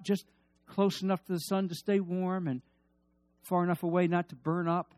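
A male preacher giving a sermon, swinging between loud emphasis and hushed asides and leading the congregation in call-and-response. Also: sits high.

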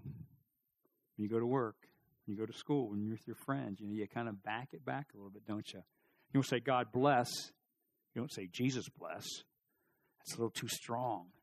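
A middle-aged male pastor preaching a sermon in church, animated, acting out voices and rising to loud peaks. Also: mid-range voice.

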